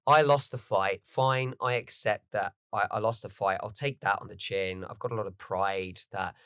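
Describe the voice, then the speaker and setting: A proud, gruff anime warrior, put on by a man in a lowered voice. He growls his words short and clipped, heard close and dry. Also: normal speed, fairly bright tone, no room sound, natural voice. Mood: grudging.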